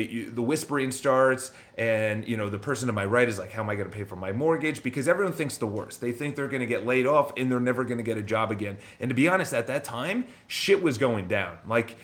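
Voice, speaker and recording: A man with an ordinary mid pitch, telling his own story straight to the camera. He gets animated and acts out the other voices, restarting sentences as he goes and dropping the odd curse. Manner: animated retelling, acts out dialogue, frequent restarts; swears casually, laughs while telling the story. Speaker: real estate vlogger.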